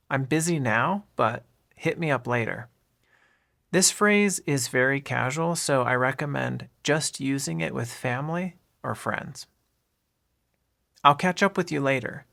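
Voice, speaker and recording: A man giving a scripted English lesson, explaining everyday phrases one at a time with example dialogues in a clear, deliberate way. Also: medium pitch, a bit bright. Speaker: English teacher. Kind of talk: slow scripted language lesson.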